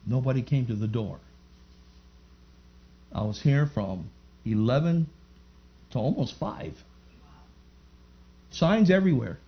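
A man's voice: mid-range voice, expressive, slow pace, pauses often. A man giving a fervent church testimony, telling his story and rising into emphatic praise before a live gathering. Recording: muffled lo-fi recording.

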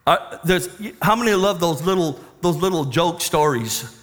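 A man preaching a sermon as a pastor, animated and questioning the congregation. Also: a little high, normal speed. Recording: reverberant hall.

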